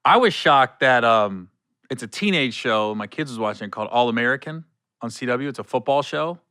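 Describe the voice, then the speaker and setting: A man's voice: medium pitch, moderate pace, smooth, no room sound, studio quality. A middle-aged man hosting a podcast, telling stories with lots of laughter and acted-out quotes. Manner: animated storyteller, laughs often, acts out quotes. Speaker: podcast host. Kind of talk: casual chat.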